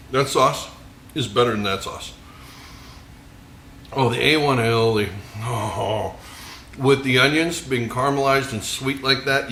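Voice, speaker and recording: A man's voice: medium pitch, fairly bright tone, reverberant, slight background noise. A man hosting a home cooking video, joking and enthusing as he dresses and tastes burgers. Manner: jokey, enthusiastic, savoring food with murmured mms. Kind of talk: casual cooking vlog with tasting. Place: home kitchen.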